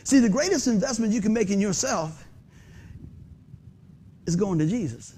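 A man in his fifties preaches from a lit church stage in a high, lively voice that leaps up and down. He keeps quizzing the congregation and pokes fun at himself between points. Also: moderate pace, husky. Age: 50s. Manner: animated, quizzes the congregation, self-deprecating humor. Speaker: pastor. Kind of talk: conversational sermon. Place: church sanctuary under stage lights.

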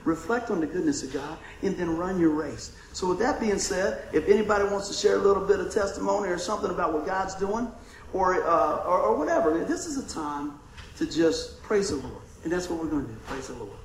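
A middle-aged man, preaching an informal sermon full of folksy stories, laughing and shouting in bursts. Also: high voice, animated, a little fast, far from the mic, a little hiss or hum. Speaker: pastor. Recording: echoey room with faint ambience.

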